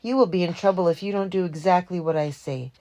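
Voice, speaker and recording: A woman's voice: lowish voice, quick pace, dark tone, lightly acted. A woman voicing a male truck hijacker who speaks in an overly polite, formal way.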